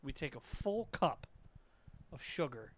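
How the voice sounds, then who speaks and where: Young guy on a podcast, kinda high voice, laughs a ton, acts out stories, faint hiss behind. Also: sing-song, a little slow, a bit bright. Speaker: podcast co-host. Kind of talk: casual chat.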